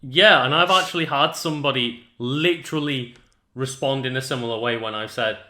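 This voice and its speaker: Bright-voiced man in an echoey room. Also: medium pitch, a little fast. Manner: agreeable, chimes in with short affirmations. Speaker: podcast co-host. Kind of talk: casual podcast chat.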